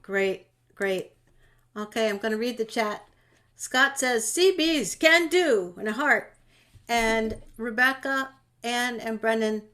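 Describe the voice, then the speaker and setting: A woman's voice: fairly high pitch, a bit bright. A woman moderating a panel discussion over a video call, chatty and friendly, with fillers and restarts.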